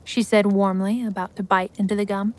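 A woman giving scripted story narration in a steady, measured way. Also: medium pitch.

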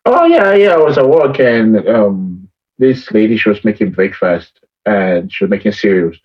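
A man's voice: fairly low pitch, very animated, normal speed. A man with a Nigerian accent chatting casually, acting out dialogue as he tells his stories. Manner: storytelling, acts out dialogue. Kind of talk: casual chat. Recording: slightly muffled recording.

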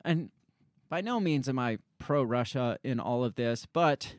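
An American man with an expressive mid-range voice speaks unhurriedly in a dry, studio-quality recording. Co-hosting a casual political podcast, he reads news articles aloud in a conversational, sarcastic tone, mocking the officials he quotes with put-on voices.

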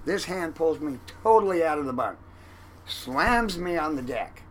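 A man tells his old sea stories in a bright, forceful voice, pitched a little high for a man. He gets animated, acting out the lines of others. A faint hiss of noise sits under the recording. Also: measured pace, rough recording. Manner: animated, acts out quoted lines loudly. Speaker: guest, former fishing boat cook. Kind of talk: storytelling in a conversational interview.

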